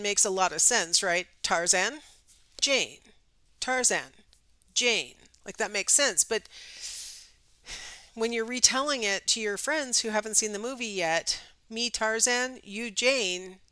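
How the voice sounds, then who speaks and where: A woman's voice: mid-range voice, pushed and bright, clean tone, no room sound. A middle-aged woman teaching a recorded psychology lecture in a chatty way, with many ums and rhetorical questions. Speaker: psychology instructor.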